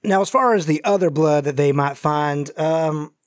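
A man's voice: fairly high pitch, normal speed, no room sound, clean studio sound, lightly acted. A man voicing a wounded, secretive man on the run, with a folksy Southern drawl and an evasive, wheedling way of talking. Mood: bargaining.

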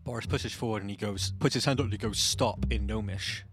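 A man's voice: lowish voice, fast, soft background music. Man playfully narrating his character. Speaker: player. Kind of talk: tabletop role-play.

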